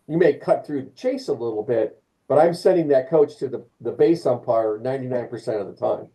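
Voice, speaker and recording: A man with a very dark, mellow voice leads an umpire training session. He talks in an animated way, acting out calls and quoting partners. He often restarts and repeats his phrases. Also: mid-range voice, a little fast, poor audio. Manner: animated, acts out calls and quotes. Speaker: umpire clinic instructor. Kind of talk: live online training session.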